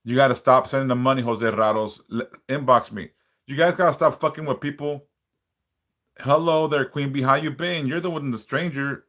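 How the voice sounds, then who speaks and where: A man's voice: medium pitch, normal speed, fairly bright tone. A man hosting a casual livestream, reading out viewer comments and bluntly warning them with plenty of swearing. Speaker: livestream host, spiritual worker.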